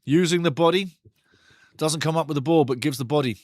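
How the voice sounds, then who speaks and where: Excitable, sweary football watch-along host. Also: male voice, fairly high pitch, a little fast, no room sound, studio quality. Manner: excitable, swears freely, banters with chat. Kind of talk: live passionate football commentary.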